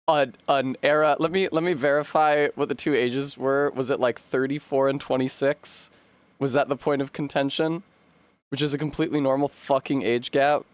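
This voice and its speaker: On a casual live stream, a young man from the US rambles wryly, laughing and cursing often. His voice sits on the high side, and there's no room sound.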